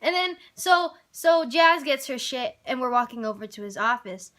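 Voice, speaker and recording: A teenage girl with a high, bright voice tells a school story as a casual rant. She sounds exasperated and animated and swears freely. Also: normal speed. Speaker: vlogger telling a story.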